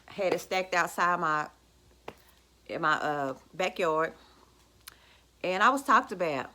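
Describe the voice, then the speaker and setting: A woman's voice: on the low side, expressive, slow pace, pushed and bright. A woman, talking to her viewers from home in a sassy, gloating, casual vlog rant. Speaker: vlogger. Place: at home, indoors.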